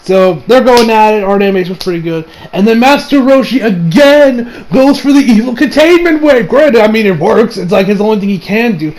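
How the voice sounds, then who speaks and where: A man giving a casual anime episode recap, excitable, swearing freely and laughing often. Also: sits high, a little fast, hardly any pauses, a little hiss or hum, poor audio. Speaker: anime reviewer.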